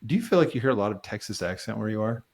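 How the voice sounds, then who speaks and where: A man with a lowish voice co-hosting a podcast in loose, casual chat. He jokes his way from one random topic to the next. His voice leaps up in pitch when he gets excited. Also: very fast. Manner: jokey, jumps between random topics, animated swings in pitch. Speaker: podcast co-host. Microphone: studio microphone.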